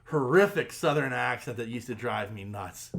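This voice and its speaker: Lively, animated podcast co-host man. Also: mid-range voice, normal speed, gravelly. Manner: animated teasing, mimics voices in quotes. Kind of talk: casual chat.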